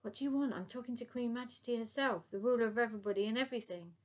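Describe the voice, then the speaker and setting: A woman reading aloud, voicing an elderly cleaning lady who is scatterbrained and chirpy, with a high, muddled delivery. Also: rapid-fire, natural voice.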